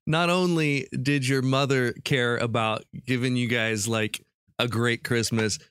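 A man's voice: medium pitch, steady tone, unhurried, a bit bright, clear, resonant tone, no room sound, studio quality. A man hosting a casual chat, laughing often and giving short reactions. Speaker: host.

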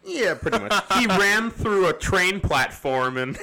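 A man's voice: high-pitched, big pitch swings, measured pace, gravelly, sharp tone, a little hiss or hum. A man hosting a casual history podcast, rambling and laughing often as he explains. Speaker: podcast host.

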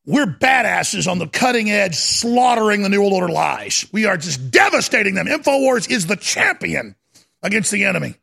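Male talk host, bright and forceful, high-pitched fiery rant with lots of shouting and stammering. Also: very animated, normal speed, vocal fry, slightly rough. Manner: swings between yelling and low muttering. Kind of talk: ranting talk radio monologue.

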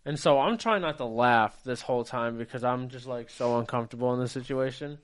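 A man tells a story on a podcast, lively and loose, acting out every line of dialogue as he goes. His voice sits in an everyday middle pitch, and he swears freely while he talks. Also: fairly quick. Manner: animated storyteller, acts out quotes, swears freely. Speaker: podcast co-host. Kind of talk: casual storytelling chat.

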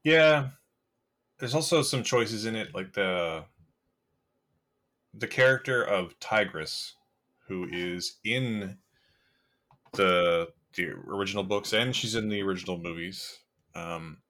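Male co-host, lower voice, loose and meandering film chatter. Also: slow, pauses often, sharp tone. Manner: rambling, filler-heavy, amused. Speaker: podcast co-host. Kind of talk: casual movie review chat.

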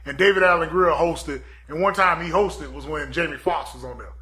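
Bright-voiced joking male podcast host. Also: a little high, fairly quick. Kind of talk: casual chat.

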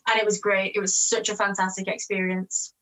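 An actress with an English accent chatting as a guest, talking quickly and laughing often. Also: female voice, medium pitch, level tone, pushed and bright, low-quality recording. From England. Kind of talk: casual interview chat.

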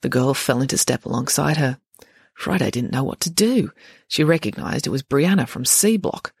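An audiobook narrator, reading a story in an expressive, wry way. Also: mid-range voice, normal speed, creaky, breathy edge, no echo, clean studio sound.

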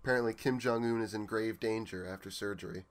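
A man's voice: lowish voice, fast, a little hiss or hum. A young man in a casual chat, easygoing and wry, often laughing. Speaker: podcast co-host.

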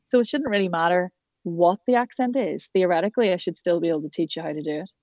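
A woman's voice: on the low side, mellow, no echo, dull audio. An Irish woman working as a voice and accent coach, chatting enthusiastically in an interview. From Ireland. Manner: chatty, enthusiastic, quick asides. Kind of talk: casual interview chat.

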